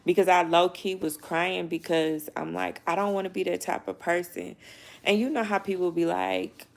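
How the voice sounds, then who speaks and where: Young woman vlogger, low gravelly voice, emotional and near tears, loose casual storytelling. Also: fairly even intonation, moderate pace. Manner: emotional, rambling, frequent "you know what I mean", swears. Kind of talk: casual personal storytelling to camera.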